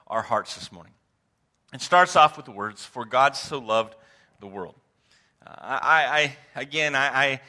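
A man preaching a sermon to his congregation in a conversational, animated way, asking questions and repeating words for emphasis. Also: fairly high pitch. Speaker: pastor. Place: church sanctuary.

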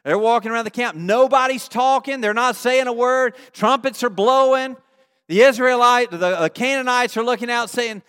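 A male pastor giving a sermon, telling a story with animated energy and checking in with his congregation through questions. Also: extremely high pitch, normal speed, clean tone. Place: church. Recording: long reverb of a large hall.

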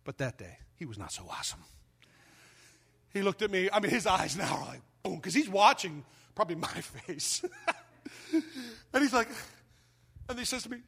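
Male pastor, high ringing voice, lively sermon storyteller. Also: normal speed, creaky, pauses often, breathy edge. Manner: storytelling, animated, acts out quoted voices.

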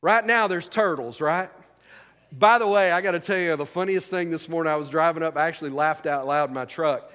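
A man's voice: on the high side, fairly quick, fairly bright tone, smooth. A male pastor preaching a sermon in a folksy, conversational way, asking the congregation questions. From rural American South. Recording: long hall reverb.

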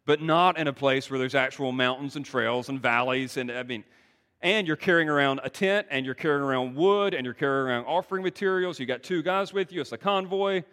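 A man preaching a sermon as pastor, moving from hushed to loud and urgent. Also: mid-range voice, a little fast. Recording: long hall reverb.

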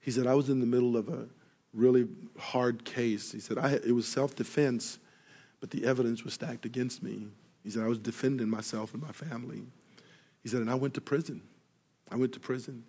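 Animated storytelling pastor, a man. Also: medium pitch, a little fast, slightly rough. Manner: animated storyteller, acts out dialogue, grows loud in excitement; drops soft and quiet for earnest moments. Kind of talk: sermon with storytelling.

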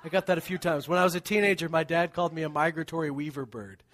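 A middle-aged male pastor preaching a sermon, animated storytelling with laughs that drops to hushed tones. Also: a little high, brisk.

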